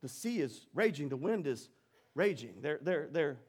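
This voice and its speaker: A man preaching to his congregation, his voice sitting a touch higher than most men's. He tells Bible stories with animated energy, climbing higher and louder as the story builds and then dropping low for emphasis. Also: normal speed, husky. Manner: animated storytelling, rising in pitch and volume during dramatic retellings. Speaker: pastor. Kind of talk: sermon.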